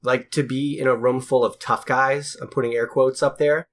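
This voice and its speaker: A man's voice: mid-range voice, flat delivery, moderate pace. A man from the Boston area co-hosting a podcast, chatting casually and rambling with fillers. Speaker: podcast co-host. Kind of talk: casual chat.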